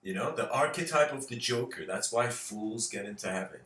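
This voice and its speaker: A man's voice: mid-range voice, expressive, moderate pace, sharp tone, recorded from a distance. A man giving an informal spiritual lecture, rambling, laughing often and using lots of fillers. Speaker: speaker. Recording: roomy echo.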